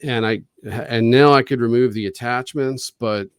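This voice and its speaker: A man's voice: medium pitch, a little slow, clear, resonant tone, no echo, clean studio sound. Rambling man telling a story. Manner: rambling, profane, with frequent restarts and quoted dialogue. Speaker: interview guest. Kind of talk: casual storytelling. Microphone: video call.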